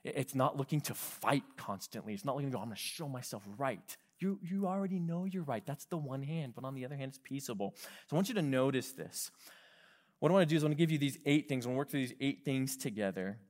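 A man preaching a sermon as pastor, lively, acting out quoted voices and dropping to soft whispers. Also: medium pitch, brisk. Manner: animated, acts out quoted voices and drops to whispers. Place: California.

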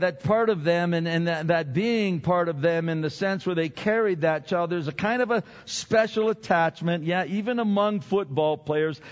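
An older man preaching a sermon as pastor, chatty and self-deprecating, often repeating his words. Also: sits high. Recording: dull sound with long hall reverb.

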